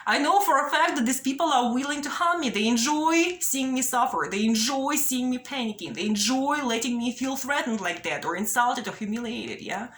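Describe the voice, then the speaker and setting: A woman's voice: sits high, animated, normal speed, few pauses, a bit bright, reverberant. A young woman vlogging straight to camera, pleading and anxious, ending many sentences with a questioning "yeah?". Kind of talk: direct-to-camera personal appeal.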